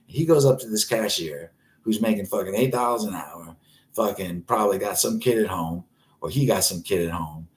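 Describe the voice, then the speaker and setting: A man's voice: lowish voice, normal speed. A man in his forties hosting a live late-night stream, ranting in a rambling, constantly swearing way. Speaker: host.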